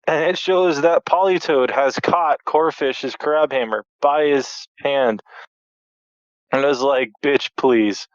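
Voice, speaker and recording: A man's voice: a little high, slow, no echo. A man co-hosting a podcast, retelling a cartoon battle with crude jokes. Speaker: podcast co-host. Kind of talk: casual episode recap. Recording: dull, dry lo-fi mic.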